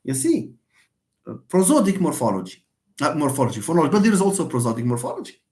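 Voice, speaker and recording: Lively-pitched man lecturing on phonetics. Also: quick pace. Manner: repeats points, asks and answers own questions; addresses viewers as friends, greets them by name. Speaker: linguistics lecturer. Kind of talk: live online lecture.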